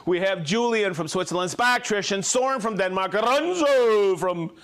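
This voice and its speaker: Male live-show host, playful and energetic, high and animated voice. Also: moderate pace, smooth. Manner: energetic, playful, reading out viewer names. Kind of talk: live show shout-outs.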